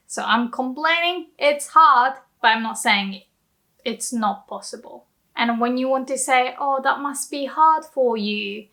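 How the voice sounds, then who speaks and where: A woman teaches in a chatty, giggly way, walking through everyday examples. Her voice sits high and sounds bright and sharp. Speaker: Japanese language teacher. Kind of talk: casual language lesson.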